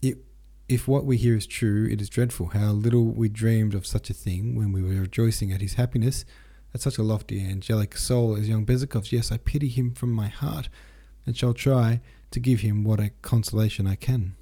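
A man's voice: fairly low pitch, fairly even intonation, normal speed, few pauses, mellow, slightly rough. A man reading an audiobook, voicing a meek, pious middle-aged noblewoman who speaks in a confiding, sentimental way.

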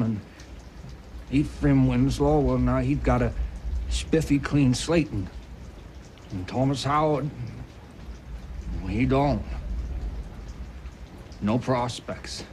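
An actor playing a weary young lighthouse keeper and rough-spoken drifter who talks in folksy, ungrammatical speech, in a film clip. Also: male voice, medium pitch, darkish tone, slight background noise, natural voice. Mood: brooding. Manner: rough folksy grammar, slow brooding drawl. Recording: film clip with rain behind. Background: rain.

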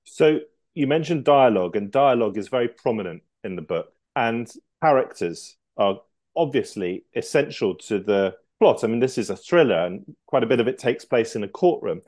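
A man interviewing an author, asking careful, measured questions. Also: medium pitch, animated, darkish tone.

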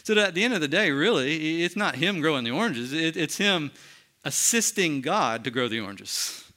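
A man's voice: fairly high pitch, lively intonation, moderate pace, sharp tone. A man preaching a sermon, teaching earnestly and asking his listeners rhetorical questions. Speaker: pastor.

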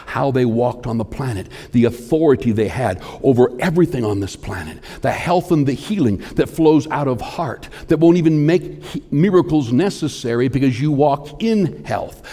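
Male preacher, mid-pitched voice, long hall reverb, rises to forceful peaks and drops to hushed lines. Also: animated, normal speed, few pauses. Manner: swings between forceful emphasis and hushed near-whispers; repetitive, building preaching cadence. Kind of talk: sermon.

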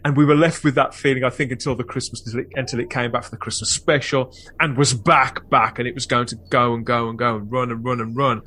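A man hosting a fan podcast, talking in a wordy, reflective way with animated bursts. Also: mid-range voice, fast, hardly any pauses. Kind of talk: casual chat and reflective narration.

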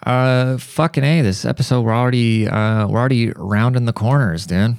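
Gravelly-voiced man rambling profanely. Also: medium pitch, moderate pace, no room sound. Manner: profane, rambling, animated storytelling. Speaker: podcast host. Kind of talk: casual podcast monologue.

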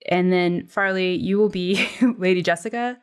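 Woman, podcast host, fairly low voice, laughs a lot, halting casual chat, video call mic. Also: clean tone. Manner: laughs often, halting explanations.

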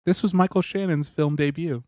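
A woman's voice: sits low, moderate pace, a little mellow, dry recording. A woman co-hosting a comedy podcast, chiming in with dry quips and trivia. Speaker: podcast co-host. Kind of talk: casual comedic banter.

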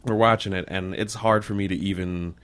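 A man's voice: low voice, fairly even intonation, a little fast, fairly bright tone, a little hiss or hum. A man chatting casually in a small studio, telling a rambling, self-deprecating story as a comedian guest. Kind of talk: casual chat on a podcast.

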